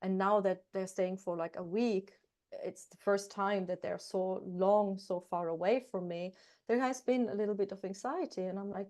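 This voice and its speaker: A woman guest speaking earnestly and warmly about parenting, telling personal stories in a casual interview. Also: medium pitch, steady tone, normal speed. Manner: earnest, heartfelt, repeats words for emphasis. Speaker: guest, coach and hypnotherapist. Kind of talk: casual interview talk, storytelling.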